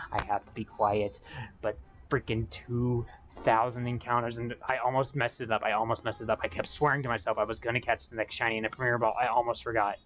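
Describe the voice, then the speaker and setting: Rambling man streaming a game. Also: fast talker. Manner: rambling, excitable, with bursts of high-pitched yelling. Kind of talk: casual live-stream chat. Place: home. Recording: dull lo-fi stream audio with faint music.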